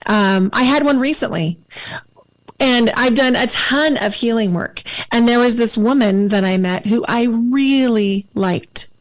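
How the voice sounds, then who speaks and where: A woman hosting a podcast interview, speaking in a calm, measured and reflective way. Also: on the high side, rough recording. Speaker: podcast host. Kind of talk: casual conversational interview.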